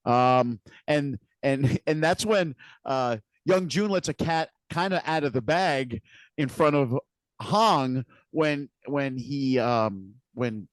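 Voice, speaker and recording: A man with a mid-range voice speaks slowly, with no echo, as he co-hosts a podcast. In this casual recap chat he retells scenes, often restarting and repeating words.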